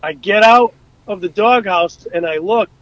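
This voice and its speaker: A man casually telling stories from his time on rescue boats, animated and full of fillers and restarts, acting out what people said. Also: high voice, unhurried, muffled recording. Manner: animated, acts out quotes, many fillers and restarts. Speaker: guest, former rescue boat crewman. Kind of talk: casual storytelling.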